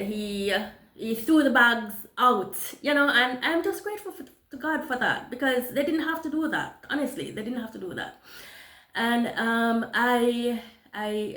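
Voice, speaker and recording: A woman telling a personal testimony, animated, with many restarts and acted-out dialogue. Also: medium pitch, roomy sound. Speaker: motivational storyteller.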